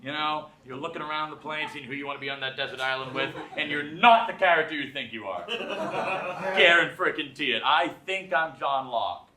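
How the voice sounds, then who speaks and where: A man's voice: fairly high pitch, normal speed, crowd noise. A man hosting a live late-night show, giving a self-deprecating stand-up monologue and acting out voices. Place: live theater with audience. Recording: echoey live theater.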